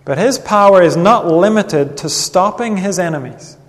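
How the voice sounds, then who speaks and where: A man preaching a sermon in an earnest, measured way, reading Bible passages aloud. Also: high-pitched, animated. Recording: long reverb of a hall.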